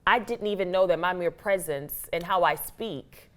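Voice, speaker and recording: A woman with an American accent, an actress and author telling her story as an interview guest, animated and acting out her own past thoughts. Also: on the low side, moderate pace. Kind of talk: casual interview talk.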